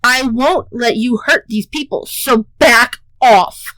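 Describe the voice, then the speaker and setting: A man voicing a bookish know-it-all young woman in an amateur audio story, in a high excited falsetto. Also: slow pace, no echo, heavily acted, low-quality recording. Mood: defiant.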